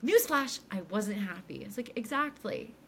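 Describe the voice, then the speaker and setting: Animated young woman recapping TV episodes. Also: mid-range voice, normal speed. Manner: animated retelling, acts out characters' lines. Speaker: podcast co-host recapping episodes. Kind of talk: casual chat.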